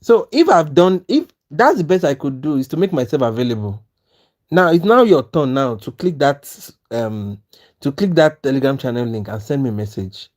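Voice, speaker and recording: A man commentating his trades on a live stream, talking with viewers as he goes. He is animated and repeats himself, restarting phrases and asking whether they understand. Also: medium pitch. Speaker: trading mentor and live-stream host.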